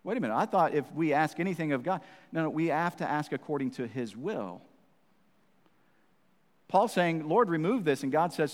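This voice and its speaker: A man's voice: a little high, big pitch swings, normal speed. A man preaching a sermon as pastor, calling listeners "friend" and repeating phrases for emphasis. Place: church sanctuary. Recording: long reverb of a church hall.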